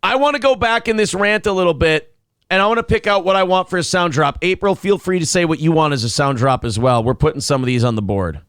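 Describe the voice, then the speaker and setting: A male morning show host, animated and opinionated, swearing casually while reacting to a clip. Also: a little high, fast, clean tone, no echo, clean studio sound.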